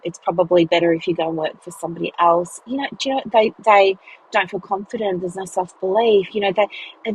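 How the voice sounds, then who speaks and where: A woman hosting a business mentoring podcast, telling a personal story in an emotional, halting way with many restarts. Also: medium pitch, breathy edge, poor audio.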